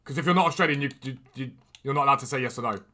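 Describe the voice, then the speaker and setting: A man hosting a gaming livestream, chatting quickly and enthusiastically as he trades and answers questions from chat. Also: mid-range voice, pushed and bright. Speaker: gaming streamer and video host. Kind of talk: casual livestream chat while trading in a football game. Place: room at home with a door.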